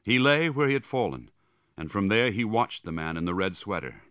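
A man reading a story aloud in a lower register, his delivery dramatic and vivid with a wide, lively swing of pitch. His tone is bright and forceful in a close, dry recording. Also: normal speed, clear, resonant tone, no echo. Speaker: audiobook narrator. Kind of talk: scripted narration.

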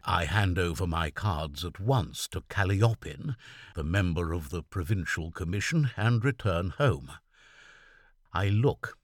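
A man's voice: sits low, expressive, a little slow, dry recording, studio quality. A man voicing a sensible middle-aged country doctor who talks freely with some humour, in a weak, quavering voice. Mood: chatty.

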